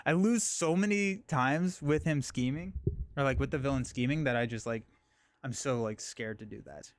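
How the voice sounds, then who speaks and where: A man's voice: mid-range voice, no room sound. A man hosting a live stream, chatting casually and thinking aloud, with frequent fillers and restarts.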